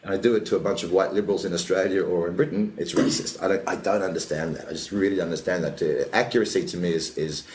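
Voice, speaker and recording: A man's voice: deep voice, steady tone, quick pace, hardly any pauses, darkish tone, slight background noise. A man, a comedian, telling rambling anecdotes in a casual chat and slipping into quoted voices. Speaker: comedian guest. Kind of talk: casual podcast chat, storytelling. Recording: roomy echo, faint background ambience.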